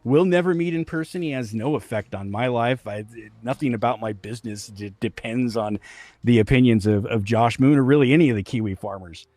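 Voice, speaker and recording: A man's voice: mid-range voice, a little fast, a little mellow, dry recording. A middle-aged man talking casually as an interview guest, blunt and profane, laughing easily.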